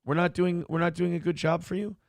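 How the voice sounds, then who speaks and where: Guy hosting a morning show, rambling n swearing, kinda high voice, smooth and dry close mic. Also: brisk, dry recording. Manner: rambling, animated and profane, with many fillers. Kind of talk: casual chat.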